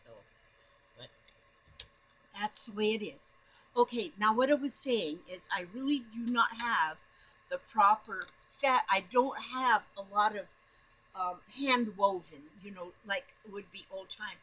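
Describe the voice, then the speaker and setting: A woman from northern Minnesota chatting casually to camera from her home, excitable and rambling, often restarting her sentences. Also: medium pitch, a little slow, rough recording. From northern Minnesota, USA. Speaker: doll-making vlogger. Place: home in Florida.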